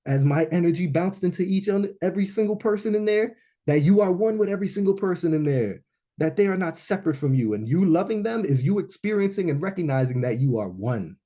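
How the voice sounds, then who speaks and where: A man with a high voice, talking a bit fast, relates a personal story to a live crowd at a business launch. His telling is animated, with frequent "right?" check-ins.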